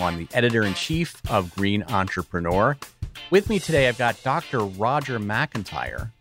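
A man's voice: lowish voice, fairly bright tone. A man hosting a podcast, introducing his guest in a friendly, joking way. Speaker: podcast host. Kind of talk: casual interview.

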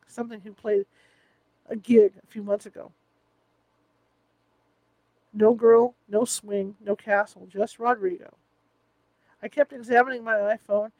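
A man with a fairly high voice narrates a first-person audiobook, adding wry, self-deprecating asides. He reads close to the mic in a dry, dead room. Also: no echo, rough recording.

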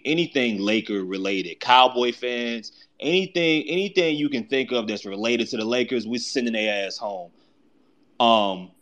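Loud teasing man hosting a live audio room. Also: fairly low pitch. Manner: loud, teasing, calls on listeners by name. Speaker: host of a fan call-in audio space.

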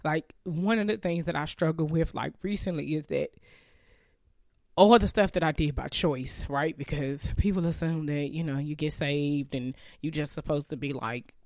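A woman's voice: low voice, moderate pace, a little mellow, no echo. Woman host, casual heartfelt faith talk, close dry sound, teary and candid. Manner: candid, emotional, chatty with many fillers. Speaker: podcast host.

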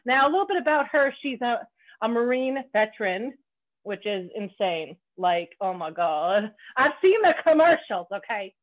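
A woman's voice: mid-range voice, moderate pace. A woman from Canada hosting a podcast in casual chat, bubbly and joking, swearing freely. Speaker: podcast host. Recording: phone-like narrow band.

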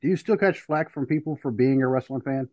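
A man co-hosting a podcast, asking questions in a relaxed, self-deprecating way. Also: medium pitch, a little fast, dry recording. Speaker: podcast co-host. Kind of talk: casual interview questions. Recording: dull, dry podcast audio.

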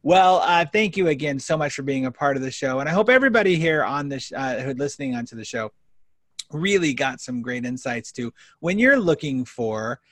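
A man hosting a business podcast interview, talking in an energetic, animated way and telling stories. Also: mid-range voice, a little fast, no room sound. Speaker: podcast host.

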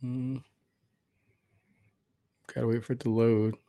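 A man's voice: mid-range voice, little pitch movement, takes it slowly, creaky, dark tone, no room sound. A man hosting a live podcast, chatting loosely and rambling with fillers and restarts. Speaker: podcast host. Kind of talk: casual live podcast chat.

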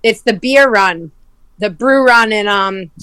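A woman's voice: medium pitch, slow, smooth, no echo. A woman in casual chat, telling a running story with lots of swearing and laughter. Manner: animated storyteller, swears freely, laughs often. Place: lives near Providence.

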